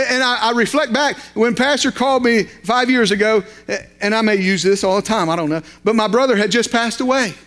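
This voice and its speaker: A man's voice: very high-pitched, a bit bright. A man, a lay preacher, delivering a sermon with folksy asides and repeated, building phrases.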